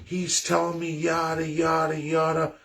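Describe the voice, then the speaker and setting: Man acting out a furious radio host, high strained yelling, cursing, ranting. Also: completely flat delivery, measured pace, creaky, recorded from a distance. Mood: enraged.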